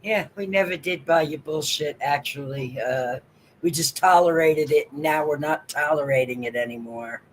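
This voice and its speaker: A man's voice: on the high side, moderate pace, a little hiss or hum, rough recording. A man hosting a casual livestream, talking with a partner, laughing often and cursing freely. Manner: profane, laughing often, bantering. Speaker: livestream host.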